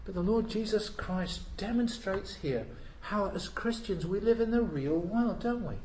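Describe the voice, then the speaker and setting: A man preaching a sermon in a church. He asks the congregation rhetorical questions and swings between loud emphasis and hushed asides. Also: high voice, lively intonation, unhurried, roomy sound, slight background noise, low-quality recording.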